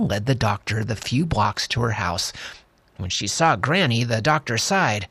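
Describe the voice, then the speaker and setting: A man slowly and expressively reading a children's novel aloud. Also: on the low side, lively intonation, gravelly, a bit bright, husky. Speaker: storyteller.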